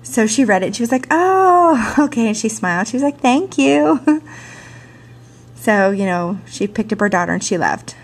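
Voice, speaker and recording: A woman who teaches sign language and theater, telling a personal story in a lively, chatty way full of "you know", recorded on a camcorder mic. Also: medium pitch, brisk, husky. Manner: animated, chatty, laughs often, many "you know" fillers. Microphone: handheld camcorder mic.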